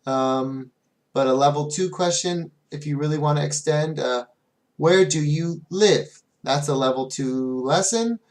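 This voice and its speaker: With a fairly high-pitched voice, a man who works as an online English teacher chats casually with other teachers, sprinkling in fillers and slowing right down to model phrases.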